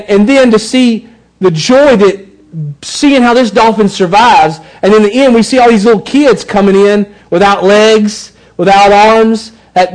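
A man preaching a sermon as pastor, emphatic, repeating words and swinging between loud and soft. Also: high-pitched, low-quality recording.

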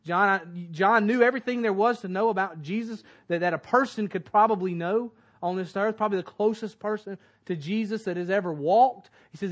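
A man preaching a sermon, building to emphatic peaks and dropping low and quiet in turn. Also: brisk, hardly any pauses. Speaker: pastor.

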